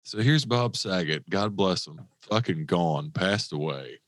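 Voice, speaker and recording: A man's voice: deep voice, lively intonation, unhurried, no echo. A man co-hosting a podcast in casual chat, blunt and rambling, swearing often. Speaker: podcast co-host.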